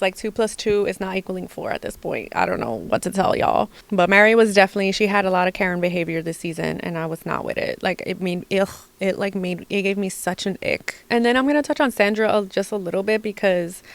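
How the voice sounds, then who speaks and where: A young adult woman hosting a casual gossip podcast, animated and exasperated, full of "like" and swearing. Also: mid-range voice, dry recording. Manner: animated, heavy use of "like", profane, exasperated. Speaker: podcast host.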